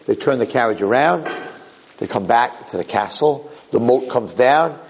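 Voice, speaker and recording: A man giving a lecture, telling a parable in an animated, conversational way. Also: medium pitch, normal speed, gravelly, poor audio. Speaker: Torah lecturer. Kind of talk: storytelling lecture.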